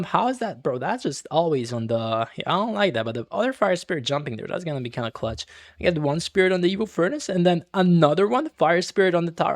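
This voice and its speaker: A man's voice: a little high, no echo, studio quality. A young man giving casual, rambling commentary over his own gameplay, full of slang, fillers and restarts. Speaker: gaming channel host.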